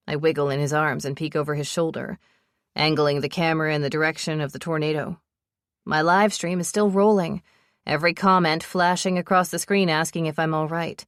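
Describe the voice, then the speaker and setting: A woman's voice: deep voice, dry recording, clean studio sound. A woman narrating a romance audiobook in first person, telling the story with breathless urgency.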